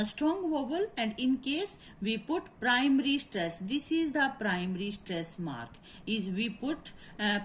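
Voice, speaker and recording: A woman teaching word stress in a halting lecture, with many fillers and quick Hindi asides. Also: fairly high pitch, slight background noise, poor audio. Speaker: English literature teacher.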